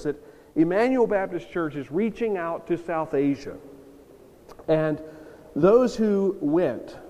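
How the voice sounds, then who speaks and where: A man's voice: a little high, darkish tone. Preaching man in a reverberant church. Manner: earnest preaching with rising emphatic bursts. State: jet lagged. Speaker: pastor. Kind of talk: sermon. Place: church sanctuary. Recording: long reverb of a church hall.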